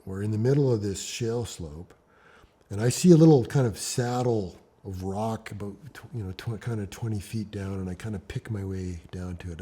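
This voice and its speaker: A man in an interview, telling a climbing story in a lively way that swings between hushed and loud passages. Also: fairly low pitch, breathy edge.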